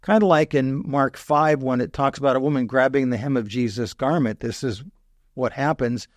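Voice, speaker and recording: A man's voice: mid-range voice, normal speed, dry recording, clean studio sound. An older man, a history professor guesting on a podcast, explaining things in a digressive conversational way, correcting himself often and dropping wry asides.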